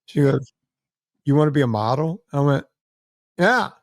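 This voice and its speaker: A middle-aged man hosting a podcast, telling a lively story and acting out the other people's lines. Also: medium pitch, normal speed, no room sound, studio quality. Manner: animated storyteller acting out quoted voices. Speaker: podcast host. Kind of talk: casual storytelling chat.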